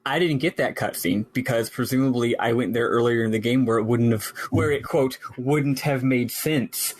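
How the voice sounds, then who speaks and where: A man co-hosting a podcast, chatting casually about a video game in a rambling, animated way with lots of fillers. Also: medium pitch, brisk. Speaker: podcast co-host.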